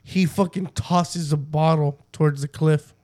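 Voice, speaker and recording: A young man with a notably high voice tells a rowdy story to his friends. His talk is loose and full of swearing. He keeps laughing through it. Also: a little slow. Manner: profane, laughing, animated storytelling. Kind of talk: casual chat.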